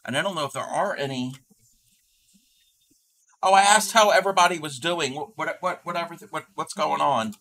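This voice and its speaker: A man's voice: fairly high pitch, normal speed, long pauses, bright, forceful tone, slight background noise. A man hosting a crafting livestream in casual, rambling chat, reading and answering his chat aloud. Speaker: livestream host.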